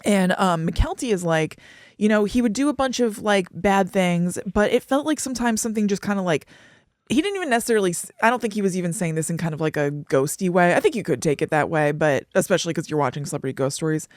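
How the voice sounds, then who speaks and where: A woman's voice: lowish voice, expressive, fast talker, no echo. Chatty woman podcast host, dry sound. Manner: chatty, laughing, acts out quoted voices. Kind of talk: casual chat, retelling a TV episode.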